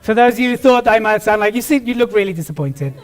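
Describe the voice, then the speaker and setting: A British man giving a lively motivational talk on stage to a live audience, joking with the crowd. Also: high-pitched, fast talker. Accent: British English. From Britain. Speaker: keynote speaker.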